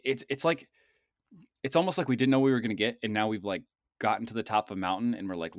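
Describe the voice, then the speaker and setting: Low male voice, teasing podcast co-host, stumbles into restarts, dry mic. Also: no echo. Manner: teasing, animated, stammering restarts. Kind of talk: casual chat.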